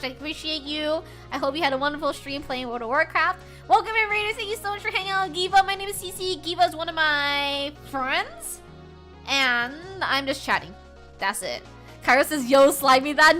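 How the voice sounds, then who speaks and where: This bubbly young streamer chats from home with her viewers, her high voice shifting between quiet murmurs and loud bursts of excitement.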